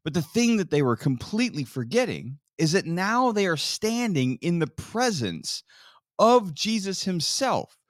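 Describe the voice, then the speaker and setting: A man's voice: high voice, measured pace, no room sound, clean studio sound. A man co-hosting a faith podcast, casually retelling a Bible story and acting out the quotes. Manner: animated storyteller, acts out quotes. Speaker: podcast co-host.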